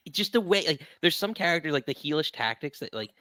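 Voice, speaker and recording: A man co-hosting a casual recap chat, chatty with halting restarts. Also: fairly high pitch, lively intonation, noisy background. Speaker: podcast co-host.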